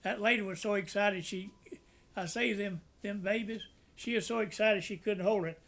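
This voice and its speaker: Speaking at normal speed with a high-pitched, fairly bright tone, an older veteran recounts the war in oral history storytelling. His delivery is folksy; he voices the characters he quotes, laughs at his own jokes, and at times becomes tearful.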